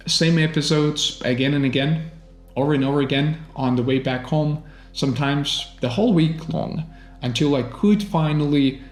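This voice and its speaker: A man's voice: mid-range voice, echoey room. A man from Russia with an American accent, a native Russian speaker, teaching English in an earnest, encouraging monologue. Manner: earnest, encouraging, deliberate phrasing.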